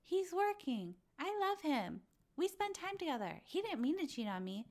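A woman putting on a high, soft, sing-song voice to mock a dreamy young woman who excuses her cheating boyfriend. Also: sing-song, moderate pace.

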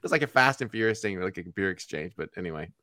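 A man's voice: low-pitched, expressive, fast talker, pushed and bright, no echo, studio quality. A man co-hosting a podcast, telling rambling, laid-back stories in casual chat. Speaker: podcast co-host.

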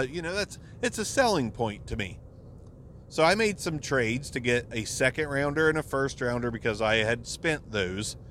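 A man hosting a podcast at a middle pitch, ranting with heavy swearing. His casual delivery carries exasperation, with a faint hum of noise behind him. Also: fairly bright tone. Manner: profane, exasperated rant with frequent swearing. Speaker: podcast host.

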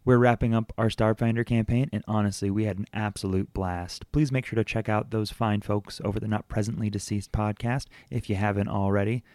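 A man's voice: fairly low pitch, steady tone, a little fast, few pauses, a little mellow, dry recording. Friendly man hosting from a dry basement. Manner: friendly, jokey, easygoing. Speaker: game master and podcast host. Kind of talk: casual podcast announcements. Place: home basement.

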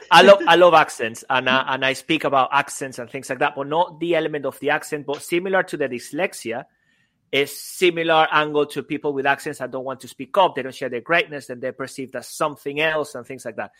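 Lively male co-host. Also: on the high side, fairly quick. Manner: enthusiastic, playful, laughs often. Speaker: podcast co-host. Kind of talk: casual podcast chat.

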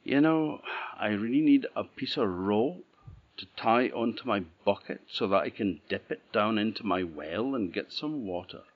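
A man's voice: on the low side, expressive, normal speed. A man with an Orcadian Scottish accent voicing a poor, wise old woman who speaks in earnest, cryptic sayings. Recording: dull lo-fi recording.

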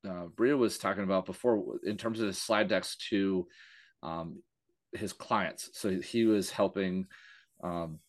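A man with a very low voice tells a coaching story at an unhurried, hesitant pace. He stops and restarts often, searching for the right words. It sounds like easy podcast conversation among colleagues. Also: fairly even intonation. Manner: halting, many fillers and restarts. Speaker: coach and co-host.

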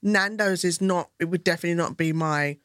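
Bright, lively woman chatting. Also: on the low side, brisk, dry recording. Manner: lively, laughing, emphatic. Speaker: comedian, podcast guest. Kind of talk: casual chat.

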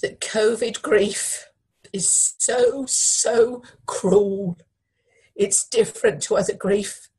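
Grieving middle-aged woman, husky, halting, repeats herself. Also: mid-range voice, a little mellow, rough recording. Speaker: interviewee, bereaved widow. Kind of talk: emotional news interview.

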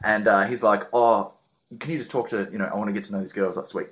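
A man's voice: fairly low pitch, fairly even intonation, fast talker, a bit bright, a little hiss or hum. A man from Australia, a comedian guest telling jokey, laid-back stories in casual chat.

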